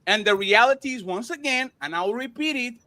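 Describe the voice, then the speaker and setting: A man with a strikingly high voice argues on a panel, pressing his point with repeated names and words. His tone is bright and pointed, and he cuts in over the others. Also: expressive, brisk. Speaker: panel show host. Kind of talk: heated panel debate.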